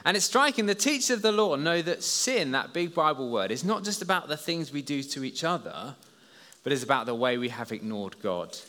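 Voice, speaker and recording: A man preaching a lively story sermon to a congregation, addressing them directly and drawing them into the scene. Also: fairly high pitch, a little fast. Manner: lively, storytelling, talks to listeners as "you". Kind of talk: children's talk sermon. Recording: long hall reverb.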